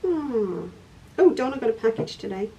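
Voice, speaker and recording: On her stitching livestream, this woman from a craft shop laughs and chats while demonstrating and responding to viewers. Her warm voice is a little high with big pitch swings and a moderate pace, and the sound is lo-fi from a distant mic.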